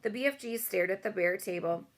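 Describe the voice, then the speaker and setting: A woman reading a children's book aloud in a clear, expressive storytelling manner. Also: medium pitch, fairly quick. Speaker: reader.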